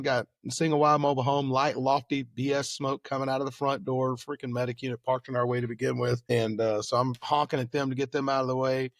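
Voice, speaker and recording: A fire lieutenant from Texas appears as a guest, animatedly telling fire stories in a casual way and acting out quoted dialogue with rising pitch and volume. The recording is studio quality with no echo.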